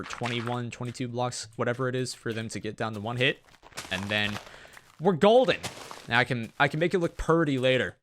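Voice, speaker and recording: Over a noisy background, this gaming channel host, a young Tennessee man with a Southern accent, talks in a mid-range voice. He's nursing a sore throat while he plays and narrates a Let's Play, rambling, chatty and poking fun at himself.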